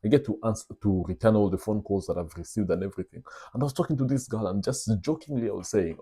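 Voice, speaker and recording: Deep-voiced man telling a story. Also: fast talker, hardly any pauses, breathy edge. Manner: animated, confiding, addresses listeners as brothers. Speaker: vlog host. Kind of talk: casual storytelling monologue.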